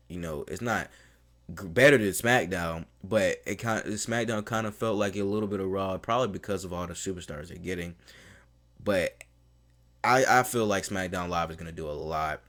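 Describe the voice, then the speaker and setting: A man with a low, deep voice talks casually through a review like an eager fan. He strings his thoughts together loosely, leaning on fillers like "man" and "you know.". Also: moderate pace, a bit bright. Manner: mimics the people he quotes in a raised voice. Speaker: wrestling show reviewer.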